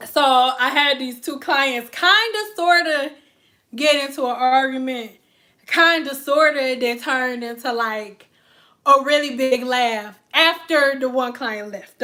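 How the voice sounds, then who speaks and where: A young woman hair stylist casually telling a story to her viewers in an animated, chatty, slangy way. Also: sits high. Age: young adult.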